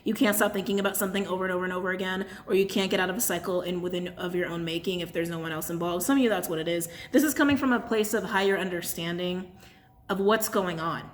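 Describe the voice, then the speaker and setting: A woman's voice: fairly low pitch, fairly even intonation, fast talker. A woman doing a casual channeled tarot and crystal reading to her camera, chatty and blunt, laughing often.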